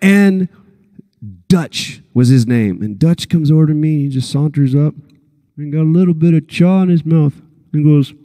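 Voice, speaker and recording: This man, a panel guest in his thirties from Texas, is an animated storyteller who acts out quotes with big pitch jumps while telling a story on stage at a convention panel. He speaks at normal speed in a large hall, though the recording is dry.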